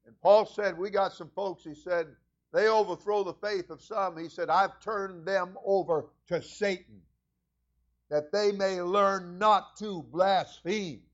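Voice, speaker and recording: A man with a high-pitched voice delivers a sermon as senior pastor. He moves between quiet, conversational asides and loud, fervent prayer. The recording sounds dull and lo-fi. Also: steady tone, measured pace.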